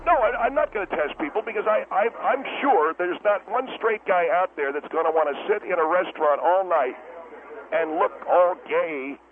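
A man playing a blustering restaurant owner who calls in to a comedy radio show, talking fast and defensively. His voice sits high and comes through a thin, tinny phone line with a faint hiss behind it. He stammers and backpedals whenever he is challenged. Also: lightly acted. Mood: pitching. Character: brash blustering male steakhouse owner on the phone.

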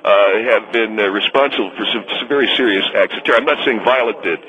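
A man's voice: lowish voice, quick pace, phone-quality sound, pitched below the performer's own voice, lightly acted. A man playing a pompous, bigoted guest on a comedy radio show who brags about flying first class. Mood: smug. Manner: pompous, smug. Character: pompous bigoted first-class flyer, male, middle-aged.

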